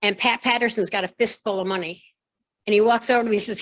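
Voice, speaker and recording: A woman's voice: mid-range voice, racing, no room sound, poor audio. A woman in her sixties, a former wrestling referee, telling her story in an interview and acting out the other people's lines. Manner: lively storyteller who acts out quoted dialogue. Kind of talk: conversational storytelling.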